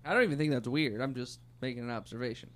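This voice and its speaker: A man's voice: medium pitch, fast talker. A man co-hosting a podcast in casual chat, with a dry, sarcastic manner. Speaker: podcast co-host.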